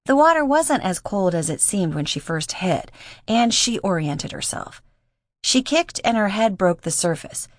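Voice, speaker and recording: A woman narrating an audiobook in a steady, measured reading voice. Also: lowish voice, dry recording, studio quality. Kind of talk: scripted narration.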